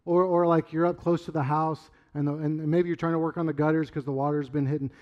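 A middle-aged man preaching a sermon in a loose, conversational way, rambling through stories and sometimes shouting. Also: a little high, level tone, fast talker, dull audio. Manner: conversational, rambling storyteller with sudden loud outbursts. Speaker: pastor.

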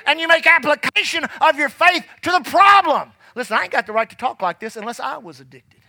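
A man preaching a sermon in church, fervent and rising to shouts, dropping low and quiet when telling his past. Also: lively intonation, fairly quick.

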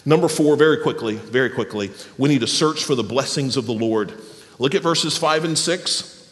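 A man preaching a sermon as pastor, animated, then dropping to a soft, quiet voice for tender moments. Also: mid-range voice, moderate pace. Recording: long hall reverb.

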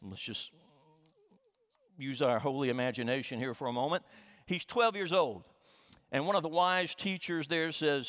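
Animated preaching man in a reverberant hall. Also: mid-range voice, moderate pace. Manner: animated preaching, repeats words, drops to hushed tones. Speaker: pastor. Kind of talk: sermon.

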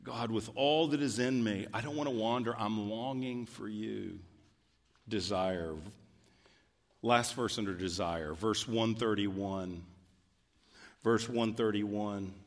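A man preaching a sermon as a pastor, reading scripture aloud and rising into fervent emphasis. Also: lowish voice. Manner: deliberate, building to fervent emphasis. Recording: reverberant hall.

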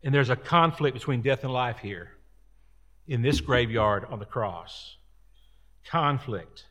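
A man's voice: mid-range voice, lively intonation, a little slow, fairly bright tone. A man preaching a sermon as pastor, folksy and rambling, with repeated words and chatty asides.

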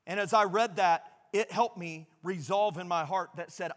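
A man preaching a sermon, earnest and emotional, his voice dropping soft and low as he reads aloud. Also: normal speed, few pauses, big-room sound. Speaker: pastor. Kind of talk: sermon with a read-aloud passage.

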